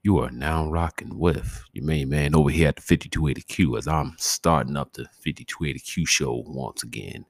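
A young man hosting a podcast from his bedroom at night, talking low and quiet so as not to wake anyone, rambling with lots of swearing and jokes. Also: a little fast, hardly any pauses, dry recording. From northwestern and midwestern United States. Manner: hushed, trying to stay quiet, profane and joking. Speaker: podcast host. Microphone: desk microphone.

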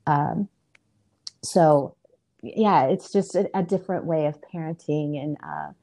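A middle-aged woman with a low, mellow voice shares a story as a podcast guest. She talks in an earnest, easygoing way and uses plenty of fillers. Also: lively intonation, a little slow. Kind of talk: casual storytelling in an interview.

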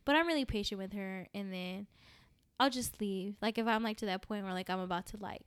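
Young woman, casual podcast chat, animated storyteller, mid pitch, dry close recording. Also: fairly quick, clean tone, dry recording. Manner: animated storytelling, acts out quoted voices, many fillers. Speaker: podcast guest.

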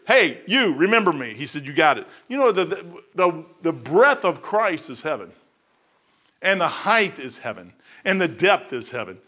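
A middle-aged man preaches in a folksy, animated way. His voice sits slightly high and sounds bright and forceful, and he climbs to emphatic peaks as he drives his points home. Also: moderate pace. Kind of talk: sermon.

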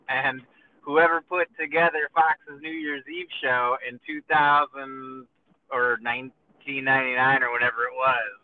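Rambling, swearing man on a tinny line. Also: medium pitch. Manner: rambling storyteller, swears freely, acts out quoted voices. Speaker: podcast host. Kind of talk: casual chat. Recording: tinny lo-fi phone-like sound with faint noise.

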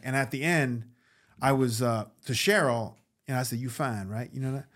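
A New York actor and comedian, appearing as a guest, tells a casual story in a mid-range voice at a moderate pace. He's animated, swears freely, and acts out the voices of the people in his tale.

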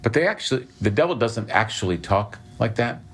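A man's voice: on the low side, expressive, fairly quick, fairly bright tone, slight background noise. A man giving a conversational sermon, often checking in with listeners and restarting his sentences. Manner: conversational preaching with restarts and frequent "okay?" checks. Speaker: preacher.

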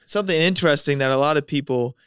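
A man's voice: a little high, fast, fairly bright tone, smooth, no room sound, studio quality. Playful co-host man. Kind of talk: casual podcast chat.

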